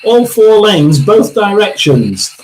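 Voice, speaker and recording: A man hosting a live tarot and spirit box session, talking haltingly, repeating words and often clearing his throat. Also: high voice, very animated, a little mellow, slight background noise, poor audio.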